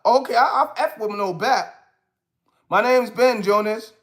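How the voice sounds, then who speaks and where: Chatty high-voiced man in his forties. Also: unhurried, fairly bright tone, echoey room. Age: 40s. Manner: chatty, laughs often, repeats "you know what I'm saying". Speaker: host. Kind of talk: casual talk to camera.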